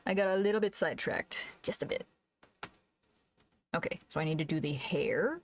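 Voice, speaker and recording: A woman streamer chatting casually while she draws, thinking aloud, humming to herself and laughing softly, into a desk microphone. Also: low voice, lively intonation, moderate pace, a little hiss or hum. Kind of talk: casual live-stream chat while drawing.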